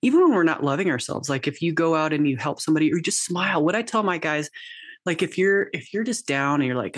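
A woman's voice: sits low, expressive, quick pace, no room sound, studio quality. A woman in her fifties, a coach talking as a podcast guest in a rambling, self-deprecating way with lots of restarts. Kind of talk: casual interview chat.

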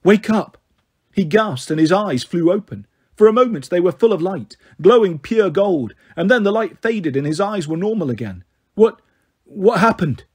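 A man narrating a novel aloud in a steady, expressive reading. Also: high voice, moderate pace, few pauses, slightly rough. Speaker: audiobook reader. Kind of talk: storybook narration.

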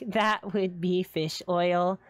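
A woman's voice: high voice, sing-song, a little fast, fairly bright tone, no room sound. A woman voicing a quirky young woman who runs a seafood restaurant, giggly and playful in a live roleplay. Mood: cheerful. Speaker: restaurant owner character.

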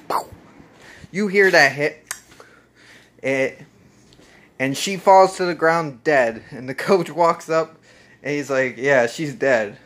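Laid-back man with a higher voice. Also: a bit bright. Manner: laid-back, swears a lot, laughs often. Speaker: host. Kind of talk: casual movie recap.

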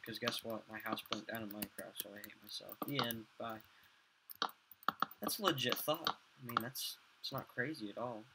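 Young guy cursing and mumbling while he plays, loud hiss and mouse clicks behind. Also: medium pitch, a little fast. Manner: swears a lot, mutters and hums to himself. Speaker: gamer. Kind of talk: rambling gameplay commentary.

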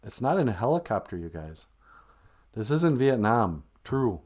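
A man's voice: on the low side, sing-song, a little slow, a little mellow. A man hosting a live stream, chatting casually in a jokey, teasing, rambling way.

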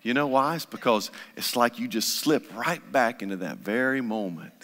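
A man's voice: mid-range voice, normal speed, a bit bright. A man preaching a sermon as pastor, impassioned and repetitive in his delivery. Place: church sanctuary. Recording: long church hall reverb.

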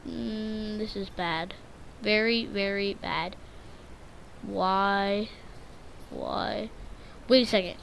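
A woman's voice: mid-range voice, fairly even intonation, very slow, gravelly, pauses often, slight background noise. Jittery woman narrating a spooky game. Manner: jittery, repeats words in nervous strings; breaks into sudden frightened shrieks. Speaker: gaming channel host. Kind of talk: live gameplay commentary.

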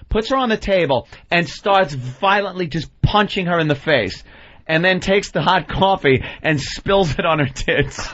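A man's voice: high-pitched, lively intonation, moderate pace, fairly bright tone. A man hosting a radio show, teasing and joking with the cohosts. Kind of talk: casual radio banter. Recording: muffled radio broadcast audio.

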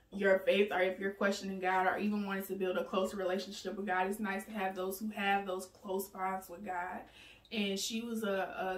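Earnest woman in a roomy, distant recording. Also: mid-range voice. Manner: earnest and candid, laughs often, many "um"s. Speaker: vlogger. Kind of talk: casual personal vlog talk. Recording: roomy sound, mic set back from her.

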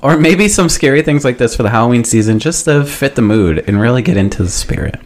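A man's voice: mid-range voice, lively intonation, fast talker. A man co-hosting a casual podcast, joking and laughing through the banter, on a close mic. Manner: joking, laughs often, many fillers. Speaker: podcast co-host.

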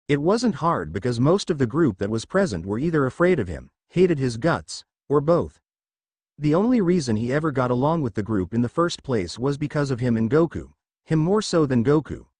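A man narrating a fan story in an animated reading style. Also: medium pitch, no room sound.

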